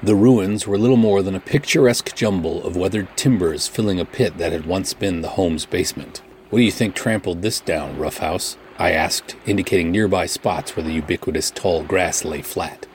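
A man reading a first-person pulp adventure audiobook in a measured, matter-of-fact way. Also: low-pitched, slight background noise. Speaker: narrator.

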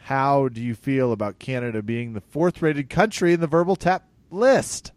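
Podcast co-host, man, mid-pitched, joking, bursts of loud emphasis. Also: normal speed, no room sound. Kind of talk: casual comedic chat.

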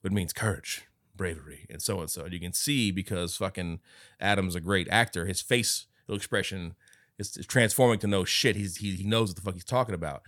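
A man's voice: deep voice, fairly quick, a bit bright, dry recording, clean studio sound. A man co-hosting a casual movie review podcast, swearing freely, laughing often and acting out quotes as he retells scenes. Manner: profane, laughing storyteller who acts out quotes. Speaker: podcast co-host.

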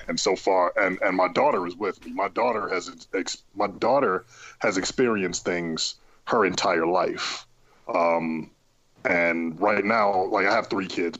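Podcast guest, man, very deep voice, calm and earnest about spooky experiences. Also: dull audio. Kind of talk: casual podcast chat.

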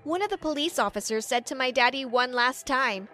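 A woman's voice: sits high, lively intonation, fairly quick, pushed and bright, soft background music. A woman narrating a dramatic first-person story, voicing the quotes lightly.

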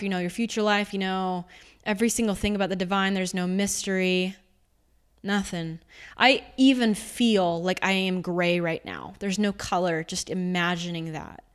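Young woman host, smooth clear voice, calm spiritual coaching talk, guiding and gently meditative. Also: medium pitch.

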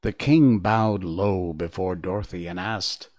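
A man reading a children's storybook aloud, slow and expressive. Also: low-pitched.

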